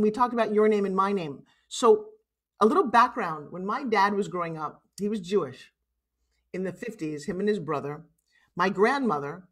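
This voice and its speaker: Blunt New York woman in her sixties. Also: mid-range voice. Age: 60s. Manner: lively, blunt, salty storyteller. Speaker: guest speaker. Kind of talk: personal storytelling.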